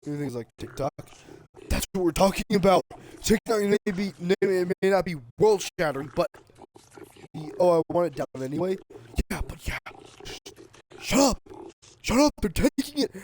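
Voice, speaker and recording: A man with a high-set voice that leaps wildly up and down as he rants. He swears freely and bursts into shouts while streaming a game, casual and heated throughout. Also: lively intonation, moderate pace, pauses often, slight background noise. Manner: heated, profane, often shouting. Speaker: gaming streamer.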